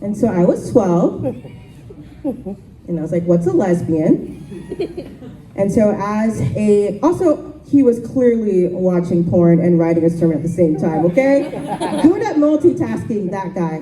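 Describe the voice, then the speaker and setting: A young woman of Haitian background doing a casual, deadpan stand-up set, full of "um" and "like," on a comedy club stage. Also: medium pitch, measured pace, crowd noise. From Haitian family. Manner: casual, deadpan, lots of ums and likes. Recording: echoey club from far off.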